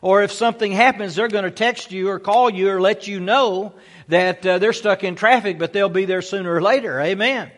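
A man's voice: high voice, normal speed, a bit bright. A male pastor preaching a folksy sermon in a church, sprinkling his talk with amens and praise Gods. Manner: folksy, peppers speech with amen and praise God.

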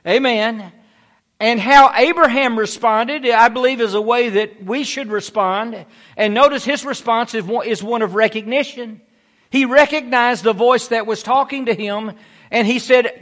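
A man's voice: very high-pitched, a bit bright. A middle-aged man preaching a sermon as a pastor, emphatic and dramatic as he tells stories.

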